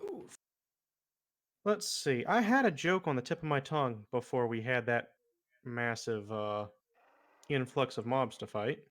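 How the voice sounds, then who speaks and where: A man chats casually while playing an online game with a friend. He tells jokes in a rambling way, full of pauses and fillers, at an ordinary middle pitch. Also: expressive, fairly bright tone. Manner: rambling joke-teller with many fillers. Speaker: streamer. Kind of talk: casual gaming chat.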